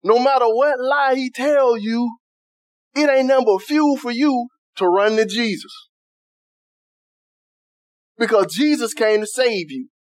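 A man preaching a sermon as pastor, who keeps asking the congregation if they are with him and softens his voice to act out quoted prayers. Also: very high voice, unhurried, long pauses, dry recording, studio quality. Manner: call-and-response preaching, asks "are you with me?".

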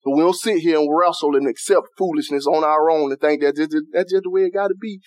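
A man preaching a sermon as pastor, who keeps asking the congregation if they are with him and softens his voice to act out quoted prayers. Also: a little high, fairly even intonation, fast, hardly any pauses, no room sound, studio quality. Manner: call-and-response preaching, asks "are you with me?".

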